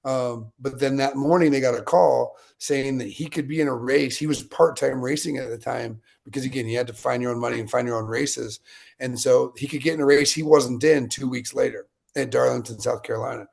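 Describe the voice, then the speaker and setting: Late-30s man from Utah, mid-pitch and gravelly, conversational and digressive, an interview guest. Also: steady tone, a little fast, a little mellow. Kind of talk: casual storytelling interview.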